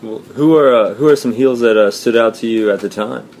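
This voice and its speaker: A man hosts a casual interview, asking short questions with small hesitations. His voice sits at a middle pitch, with faint noise in the background. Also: brisk, a little mellow. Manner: brief questions and short acknowledgements. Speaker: interview host.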